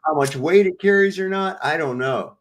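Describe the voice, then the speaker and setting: A man co-hosting a casual live-stream chat, venting with a lot of swearing and animated storytelling. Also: a little high, moderate pace. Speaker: livestream co-host.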